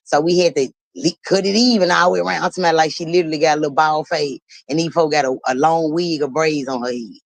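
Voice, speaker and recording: A woman hosting a livestream, telling a story in an animated, blunt and profane way and laughing as she talks. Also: low voice, quick pace, hardly any pauses, no room sound, poor audio. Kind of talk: casual storytelling.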